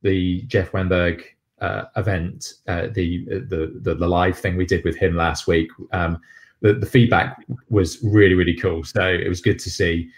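A man's voice: low-pitched, flat delivery, unhurried. A man co-hosting a live online show, talking casually over a video call with many fillers and restarts. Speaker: co-host.

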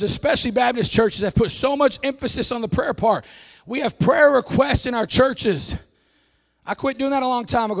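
High-voiced man preaching a fiery sermon. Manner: folksy, emphatic preaching that bursts into shouts. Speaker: pastor.

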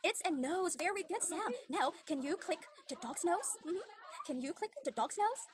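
A woman's voice: extremely high pitch, lively intonation, moderate pace, noisy background. A young woman giving an online demo English lesson to a young child, with exaggerated sing-song praise and frequent laughs. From Philippines.

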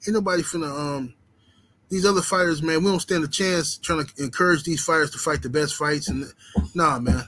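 Dude, chillin on a boxing stream, cussin, lots of "you know what im sayin". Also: male voice, on the high side, a little fast, a bit bright, slight background noise, poor audio. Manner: laid-back, profane street talk with lots of "you know what I'm saying". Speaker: boxing channel host. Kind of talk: casual livestream chat reading the super chat.

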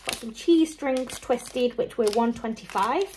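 A young woman talks through a shopping haul at home in a casual, rambling way. Her voice sits a touch high, with faint noise behind it. She lists prices one after another and drops in small laughs. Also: measured pace, darkish tone, rough recording. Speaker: mum and vlogger.

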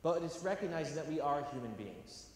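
A man's voice: on the high side, animated, fairly quick, a little mellow, far from the mic. A young man from California giving an earnest, emphatic talk to an audience at a university, with some self-deprecating humor. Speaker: educational theatre speaker. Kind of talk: public talk to a live audience. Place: large university hall. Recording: echoey hall, faint noise.

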